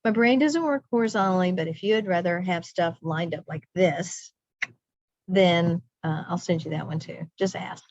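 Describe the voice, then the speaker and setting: A woman's voice: on the low side, moderate pace, a little mellow, dry recording, lo-fi sound. A middle-aged woman leading a recorded teacher training session, chatty and self-interrupting, laughing at herself.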